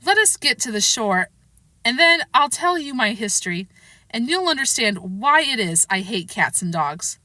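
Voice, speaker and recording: Shrill huffy little mouse in a storybook, high and bright, easily offended, a woman doing the voice. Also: very animated, moderate pace, no echo. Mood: trembling.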